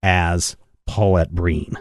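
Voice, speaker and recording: A man co-hosting a podcast, chatting casually about comics in an animated way. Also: low voice, slow, no room sound, studio quality. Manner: animated, acts out quoted lines in funny voices. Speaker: podcast co-host.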